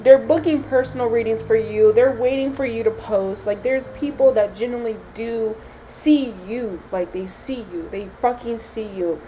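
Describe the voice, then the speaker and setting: A woman's voice: fairly high pitch, moderate pace, hardly any pauses, warm tone, slight background noise, poor audio. A young woman, a psychic medium, talking candidly to her phone camera, emotional and close to tears, swearing freely. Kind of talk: emotional self-talk vlog.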